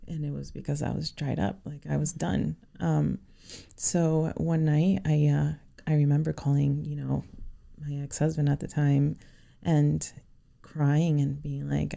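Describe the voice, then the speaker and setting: As a podcast guest, a woman shares a personal story in a low, heavily gravelly voice with a dark, mellow tone and a flat delivery. She's sincere but halting, pausing often and leaning heavily on "you know."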